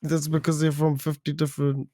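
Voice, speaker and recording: A man's voice: fairly high pitch, monotone, fairly quick, warm tone. A young man guesting on a podcast, chatting casually, often hesitant and stammering. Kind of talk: casual chat.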